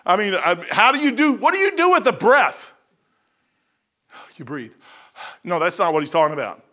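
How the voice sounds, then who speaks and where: Preacher guy, middle-aged, folksy and worked up, bright slightly high voice. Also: normal speed. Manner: folksy and animated, rising to emphatic high peaks. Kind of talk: sermon.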